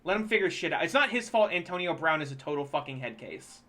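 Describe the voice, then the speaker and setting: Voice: medium pitch, quick pace. A streamer ranting casually and profanely about football while playing a baseball management game. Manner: animated, profane sports ranting.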